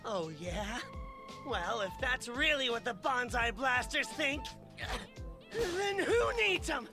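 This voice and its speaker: An actor voicing a brash young boy villain in an animated series, loud and indignant. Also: mid-range voice, slow, music in the background. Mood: defiant.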